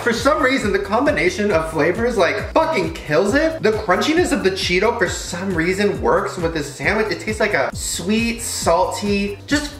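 A young man hosting a comedic food-tasting vlog, crude and exaggerated, swinging between loud outbursts and mutters. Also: high-pitched, very animated, normal speed, hardly any pauses, roomy sound, soft background music. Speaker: vlogger.

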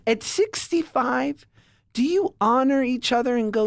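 A man with a high voice that leaps all over the place, co-hosting a podcast and riffing on silly hypotheticals. He sounds close to the mic in a dry room. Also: expressive, vocal fry, no room sound. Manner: playful, spins comic hypotheticals and acts out quick voices. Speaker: podcast co-host. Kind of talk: casual chat.

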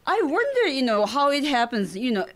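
Lively Japanese woman chatting in English. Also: sits high. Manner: lots of backchannel, halting non-native English. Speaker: podcast co-host. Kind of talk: casual chat.

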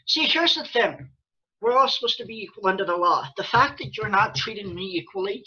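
A man's voice: high voice, bright, forceful tone, breathy edge, dull audio. A man ranting angrily and sarcastically to his viewers, swearing often and restarting his sentences. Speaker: vlogger. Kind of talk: angry rant to camera.

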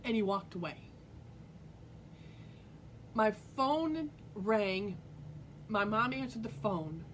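A woman's voice: mid-range voice, animated, takes it slowly, slight background noise, low-quality recording. Rambling woman telling a personal story. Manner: rambling, filler-heavy, earnest. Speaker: vlogger. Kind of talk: casual personal storytelling to camera.

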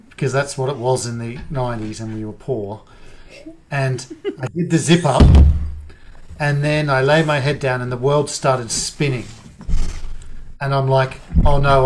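A man's voice: mid-range voice, slight background noise. A middle-aged man telling a self-mocking story about his own drunken mishap. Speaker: guest. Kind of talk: anecdotal storytelling in a podcast interview.

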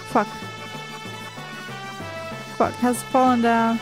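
Casting: high-voiced woman gamer, unhurried, sarcastic and sweary, reads game lines in put-on voices, faint music under her. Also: steady tone. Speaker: let's play gamer. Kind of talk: playing a game and reading its dialogue aloud.

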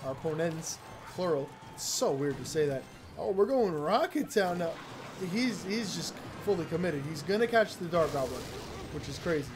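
A man giving chatty, excitable, slangy commentary while playing a mobile game, with sarcastic asides. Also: on the high side, moderate pace, noisy background. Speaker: gaming YouTuber. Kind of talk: casual gameplay commentary. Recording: game music behind the voice.

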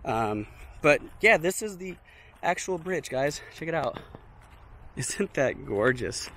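A man filming a casual walking vlog outdoors, chatty and excited, talking straight to his viewers and a little out of breath in the heat. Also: fairly high pitch, slow, slight background noise. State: slightly out of breath. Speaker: vlogger visiting a film location. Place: outdoors by a steel bridge in hot dry hills.

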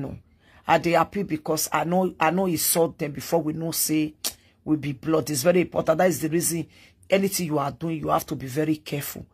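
Gravelly-voiced Nigerian woman chatting to viewers. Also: low-pitched, a little mellow. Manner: chatty, drifts between Pidgin and English. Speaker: live-stream host. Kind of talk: casual storytelling to viewers.

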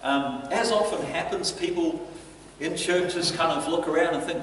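A man preaching a sermon as pastor, telling stories in an animated way and chuckling between lines. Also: on the high side, moderate pace, hardly any pauses, slight background noise. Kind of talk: storytelling sermon. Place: church hall. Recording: echoey church hall from a distance.

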